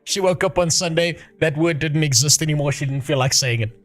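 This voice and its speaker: A man's voice: on the high side, brisk, soft background music. A man in his thirties, a livestreamer chatting casually, swearing freely and laughing often. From South Africa. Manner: profane, laughs often while talking. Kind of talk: casual chat.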